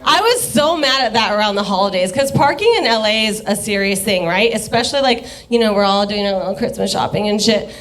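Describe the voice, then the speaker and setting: A woman's voice: medium pitch, lively intonation, a little fast, few pauses, a bit bright. A young woman doing a rambling, profane stand-up set in a bar, often laughing at her own jokes. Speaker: stand-up comedian. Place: dive bar comedy stage.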